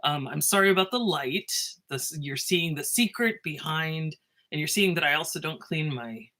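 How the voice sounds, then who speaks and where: Excitable woman teacher, bright voice. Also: sits low, normal speed. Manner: excitable, animated, laughing often, self-interrupting. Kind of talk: casual lecture video to students. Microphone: phone.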